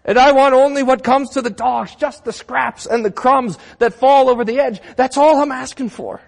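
A man's voice: extremely high pitch, normal speed, creaky, long reverb tail, pitched above the performer's own voice. A pastor putting on a pleading humble woman. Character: pleading humble woman begging for her daughter.

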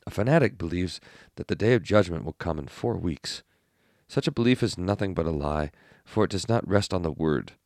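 A man reading aloud an old sermon text in a measured, earnest way. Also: low-pitched, animated, darkish tone, dry recording, clean studio sound. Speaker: reader.

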